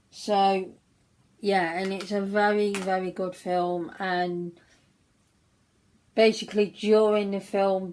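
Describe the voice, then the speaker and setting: A woman chats her way through a makeup look on her own channel. She wanders from point to point and restarts her sentences often. Her pace is unhurried and her voice sits a little low. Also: a little mellow, rough recording. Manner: rambling, chatty storytelling with many restarts. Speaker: beauty vlogger. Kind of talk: casual chat while doing makeup.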